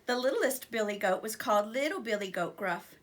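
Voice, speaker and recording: A woman teacher reading a storybook aloud to children in an expressive, animated way. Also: on the high side, a little fast.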